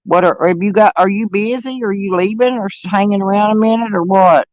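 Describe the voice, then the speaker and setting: A man's voice: high voice, fairly quick, no echo, lo-fi sound. A middle-aged man, chatting casually and rambling on a livestream, laughing often. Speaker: live streamer. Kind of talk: casual livestream chat with viewers.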